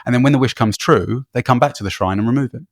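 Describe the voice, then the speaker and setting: A man's voice: mid-range voice, fast, no echo, clean studio sound. A man, co-host of a travel podcast, telling rambling travel anecdotes in casual chat with fillers and laughs.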